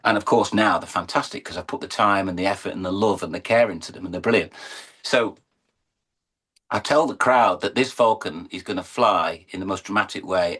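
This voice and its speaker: A man's voice: low voice, a bit bright, slightly rough. A middle-aged English man, a horse and falcon showman, telling his story in an earnest, emotional interview. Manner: earnest, emotional, building to uplifting emphasis.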